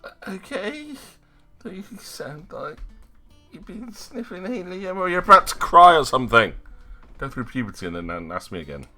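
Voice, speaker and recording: A man's voice: high voice, sing-song, moderate pace, sharp tone. A man giving live, chatty, sarcastic commentary while streaming a video game. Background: game music.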